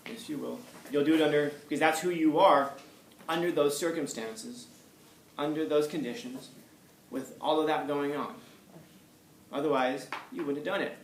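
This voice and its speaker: A man gives a casual classroom lecture at an ordinary pitch and often repeats his points for emphasis. His voice bounces around a roomy space and sits away from the mic. A faint noise runs underneath. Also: fairly even intonation, moderate pace. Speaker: teacher. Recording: echoey room, far from mic, faint noise.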